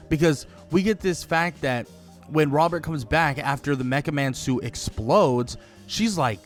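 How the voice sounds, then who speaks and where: A man giving casual video commentary on a game, rambling and enthusiastic, full of "like" and quick self-corrections. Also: fairly high pitch, animated, soft background music. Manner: rambling and enthusiastic, heavy use of "like", corrects himself. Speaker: gaming video creator.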